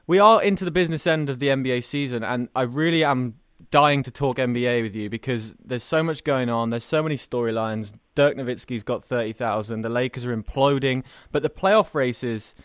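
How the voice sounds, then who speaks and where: A man's voice: medium pitch, fairly quick, clean tone, dry recording, clean studio sound. Upbeat male sports podcast host. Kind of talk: casual sports podcast chat.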